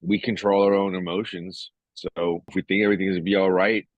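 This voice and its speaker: A man co-hosting a podcast, chatting casually and telling a story in an animated way, speaking to the listener directly. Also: deep voice, a little fast, dry recording. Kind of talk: casual chat. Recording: dry, dull-sounding mic.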